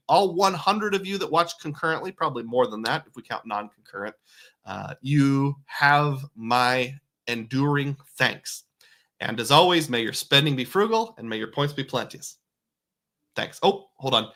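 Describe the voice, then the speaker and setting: Male livestream host, bright forceful tone, casual chat reading comments and thanking donors. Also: a little high. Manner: reads viewer comments and thanks donors, chuckling often. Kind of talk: casual live-stream chat.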